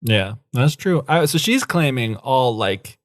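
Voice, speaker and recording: A man co-hosting a podcast in casual chat, talking haltingly as he thinks aloud and cracks jokes. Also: mid-range voice, lively intonation. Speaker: podcast co-host.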